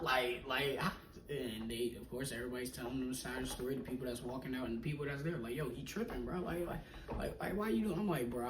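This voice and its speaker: A young man casually telling a personal story in slangy talk, acting out what people said and often dropping to a hush. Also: mid-range voice. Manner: animated, slangy, acts out quoted people, often drops to a hush. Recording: echoey room, mic at a distance, faint noise.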